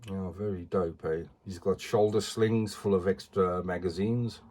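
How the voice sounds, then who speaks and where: A man's voice: deep voice, fairly even intonation, a little slow, a little mellow. A middle-aged man, chatting casually as he reviews collectible figures and often ends sentences with "eh".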